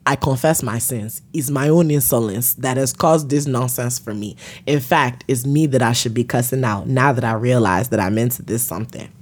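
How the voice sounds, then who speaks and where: A woman's voice: extremely low pitch, normal speed, darkish tone, a little hiss or hum. A woman hosting a podcast, ranting bluntly with plenty of profanity. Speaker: podcast host. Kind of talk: profane comedic rant.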